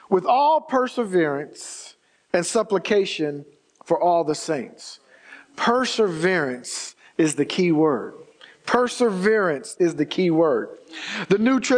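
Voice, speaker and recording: High-voiced preaching man. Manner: preaching with call-and-response to the congregation; reads scripture slowly and emphatically. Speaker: pastor. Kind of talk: sermon.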